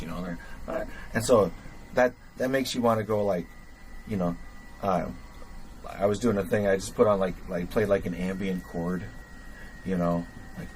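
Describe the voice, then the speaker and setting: A man's voice: sits low, darkish tone, slight background noise, rough recording. A man hosting a livestream, thinking aloud with lots of fillers while he tinkers with gear. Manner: thinks aloud with many fillers, chuckles at himself. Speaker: livestream host. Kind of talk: rambling casual livestream chat.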